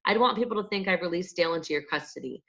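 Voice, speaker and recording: A woman reading a storybook voices a calm male small-town detective who speaks in a measured, dry way. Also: lowish voice. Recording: dull lo-fi audiobook recording.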